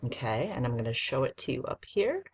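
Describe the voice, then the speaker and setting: A woman teacher giving a recorded spelling lesson to young students, dictating slowly and sounding out letters one at a time. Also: extremely low pitch, big pitch swings, a little hiss or hum.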